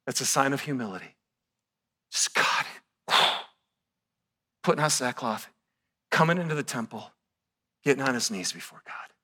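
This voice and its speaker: Male pastor, sermon delivery, bright tone, lively swings from hushed to excited. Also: fairly high pitch. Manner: animated, swings from soft and hushed to loud and excited.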